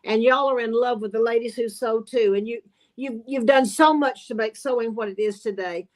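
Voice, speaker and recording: A woman's voice: on the high side, normal speed. A woman, chatting in a folksy way and calling people honey and y'all. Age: 80s. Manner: warm folksy Southern talk, says y'all and honey. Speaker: sewing guest. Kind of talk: casual chat.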